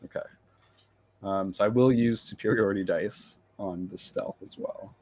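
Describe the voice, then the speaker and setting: Low-voiced man casually playing a tabletop game. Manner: relaxed, halting, many fillers. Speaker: player.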